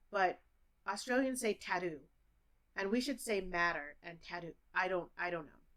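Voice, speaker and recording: A woman's voice: medium pitch, a bit bright. A woman English teacher giving a close-up pronunciation lesson to camera, playfully repeating words to model their sounds.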